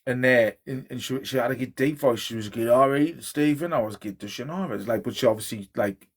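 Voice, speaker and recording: A man's voice: medium pitch, fast talker, breathy edge. A man telling rambling, sweary anecdotes in a casual chat.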